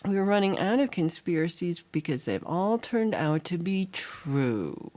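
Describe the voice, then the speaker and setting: A woman's voice: fairly low pitch, very animated, warm tone. A woman hosting a livestream, chatting casually and teasingly with her viewers. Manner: playful, teasing, drawn-out delivery. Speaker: livestream host. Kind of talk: casual chat with live viewers. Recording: music playing behind.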